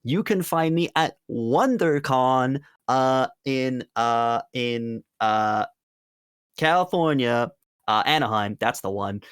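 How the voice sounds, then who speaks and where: A man's voice: medium pitch, animated, slow pace, clean tone, dry recording, studio quality. A man from the UK, a player on a tabletop game stream, chatting casually at the end of the stream in an upbeat, rambling, self-mocking way. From United Kingdom. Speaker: tabletop game player plugging his projects.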